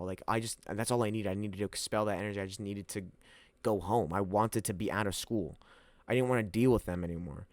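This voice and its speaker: Young man, lower voice, animated and profane casual storyteller, dry close sound. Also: a little fast, no room sound. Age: young adult. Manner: profane, rambling, animated retelling.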